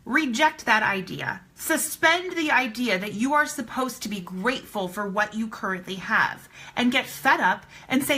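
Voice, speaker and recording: Bright-voiced woman giving a blunt pep talk. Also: a little high, animated, moderate pace, few pauses, poor audio. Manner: emphatic and blunt, swears casually; preachy, repeats points for emphasis. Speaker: motivational speaker. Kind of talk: live-streamed motivational pep talk.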